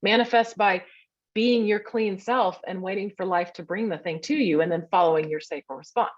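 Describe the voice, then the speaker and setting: A woman's voice: mid-range voice, normal speed, dull audio. A woman teaching a workshop in a chatty way over a video call, often sounding out little grunts and hums as examples.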